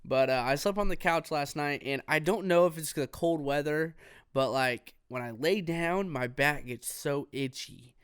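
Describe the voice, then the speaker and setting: A man hosting a casual solo podcast, rambling in a relaxed way with plenty of fillers. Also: on the high side, unhurried, smooth, no echo, studio quality. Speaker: podcast host. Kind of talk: casual solo gaming talk.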